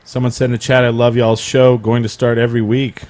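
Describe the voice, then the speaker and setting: A man's voice: mid-range voice, little pitch movement, fairly quick, darkish tone, a little hiss or hum. A man co-hosting a live comedy show stream, chatting casually and joking, often restarting his sentences. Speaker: podcast co-host. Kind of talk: casual chat.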